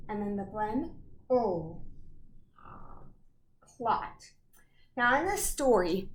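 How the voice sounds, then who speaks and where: A woman teaching a children's phonics lesson, slowly breaking words into single sounds and matching them to letters. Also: on the high side, a bit bright. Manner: slow, segments words into sounds. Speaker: storytime teacher. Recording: echoey room, faint noise.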